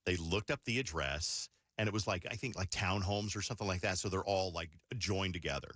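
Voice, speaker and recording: A man hosting a radio morning show, telling an anecdote in a lively, chatty way. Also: deep voice, brisk, dry recording, clean studio sound. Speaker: radio host. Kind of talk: casual chat. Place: radio studio.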